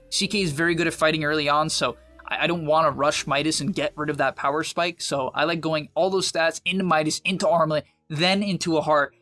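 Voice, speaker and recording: A young man in a casual, confident gameplay guide, giving quick, emphatic advice with slang. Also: on the high side, fairly bright tone. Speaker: game guide presenter.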